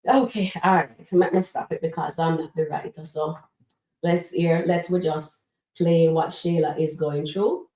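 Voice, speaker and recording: Reviewing comedy skits on her live stream, this woman chats easily with her audience, addressing them as "guys" and filling her talk with fillers. Her deep, warm voice is fairly even and a little slow. She sits far from the mic in an echoey room.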